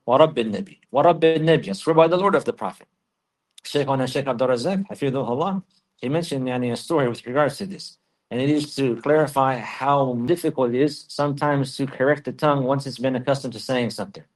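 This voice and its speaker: A man teaching a religious lesson in a mid-range voice, measured and explanatory. He often says a key phrase twice to drive it home. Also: mid-range voice. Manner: repeats key phrases for emphasis.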